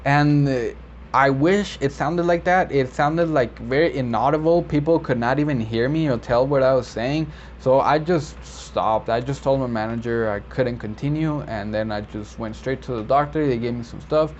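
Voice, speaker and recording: A man who works as a medical interpreter, explaining vocabulary in a relaxed, rambling way with many fillers and self-corrections. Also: mid-range voice, moderate pace. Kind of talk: casual explainer video. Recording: slightly dull lo-fi audio with faint background noise.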